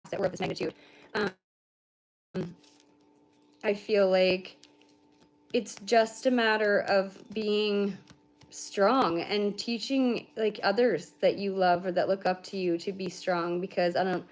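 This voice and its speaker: Woman giving a rambling livestream reading. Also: mid-range voice. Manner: rambling, heartfelt, casual swearing. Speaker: spiritual reader.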